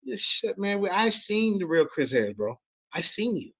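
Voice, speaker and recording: A man hosting a show, loudly mocking and ribbing a guest over played clips, with a gravelly, husky voice. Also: a little high, lively intonation, moderate pace. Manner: loud, mocking, shouting in disbelief. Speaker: show host.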